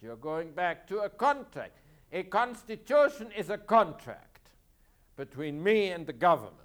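A man with a high voice lectures on history to a class. He speaks emphatically, poses rhetorical questions and answers them himself, and repeats his key points to drive them home. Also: a bit bright.

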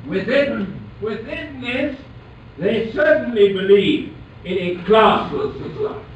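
A man's voice: fairly high pitch, a little hiss or hum. A man giving an academic lecture in a room, talking in a digressive way with restarts and rhetorical questions. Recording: echoey, distant, muffled lecture-hall recording.

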